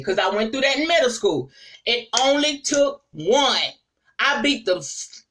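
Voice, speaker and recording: A woman apostle telling stories in a sermon, lively and conversational, speaking straight to her listeners. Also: fairly high pitch, recorded from a distance, poor audio. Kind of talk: storytelling sermon to a live audience.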